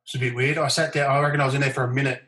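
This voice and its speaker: A middle-aged Australian man, a podcast guest, tells animated stories in casual chat, his mid-range voice moving very fast. He acts out other people's lines in livelier, raised voices, and the recording has a roomy echo.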